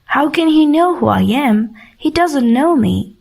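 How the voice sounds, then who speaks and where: A woman voicing a gentle, curious young boy prince in a storybook, asking earnest questions. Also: sits high, animated, a little slow, creaky, voice pushed up, full character voice. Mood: wondering.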